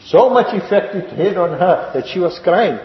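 A man with a somewhat high voice delivers a sermon, full of stories and rhetorical questions. His words ring through a long, echoey hall. The recording sounds dull and lo-fi. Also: lively intonation, normal speed. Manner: rhetorical questions and repetition, storytelling. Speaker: preacher.

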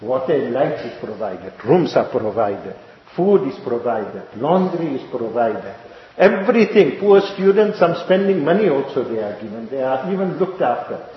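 A man preaching a sermon, telling stories and asking the congregation rhetorical questions, repeating his points. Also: medium pitch. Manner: rhetorical questions and repetition, storytelling. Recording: echoey lo-fi hall recording.

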